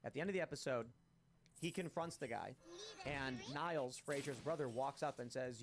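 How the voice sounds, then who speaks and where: A man hosting a casual panel talk, telling stories in an animated, rapid way. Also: medium pitch. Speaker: host.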